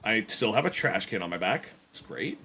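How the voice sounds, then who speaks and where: A man's voice: lowish voice, sing-song, moderate pace, sharp tone, breathy edge. A man streaming a survival game, chatting casually to his viewers with rambling, self-deprecating jokes. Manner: rambling, self-deprecating, joking asides to chat. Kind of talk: casual gameplay commentary.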